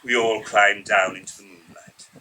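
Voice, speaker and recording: A man performing a story for a live audience, rhythmic and expressive, savouring every word. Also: fairly low pitch, moderate pace, distant mic, a little hiss or hum, low-quality recording. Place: indoor evening storytelling event.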